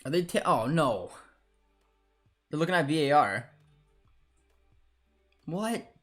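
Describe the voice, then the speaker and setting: Excitable young man commenting a live match. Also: fairly high pitch, slow, faint music behind. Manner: excitable, shouts and laughs at goals, groans at calls. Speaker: streamer hosting a football watchalong.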